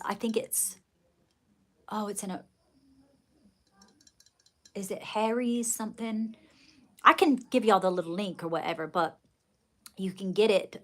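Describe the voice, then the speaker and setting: A woman's voice: medium pitch, a bit bright. Chatty Southern woman gushing at viewers. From Georgia, US. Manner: chatty, gushing, rambling, calls viewers darling. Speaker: livestream host. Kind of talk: casual livestream chat with viewers.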